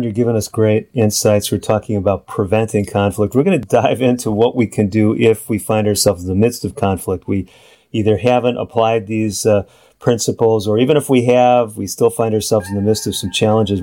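A man hosting an interview, measured and reflective, summing up his guest's points. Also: on the low side, steady tone, dark tone. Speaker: radio talk show host.

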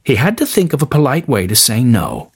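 A man reads a story aloud in an expressive, scripted style, his husky voice rising and falling in a lively way as he carries the narration at a fairly quick pace.

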